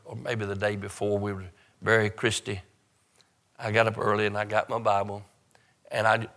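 An older man, preaching a funeral sermon as a pastor, his delivery swelling up and dropping quietly. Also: mid-range voice, creaky.

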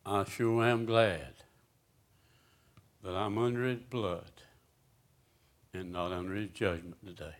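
A man's voice: sits low, slow pace, long pauses. Preacher man reading scripture. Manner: preaching, reads scripture aloud and asks the congregation questions. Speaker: pastor. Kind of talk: sermon.

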